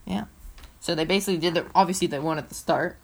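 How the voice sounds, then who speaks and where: A woman with a fairly low voice co-hosts a laid-back racing podcast. She talks in an excitable, playful ramble, full of restarts and asides. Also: fast talker, creaky. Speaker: co-host. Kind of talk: casual motorsport podcast chat.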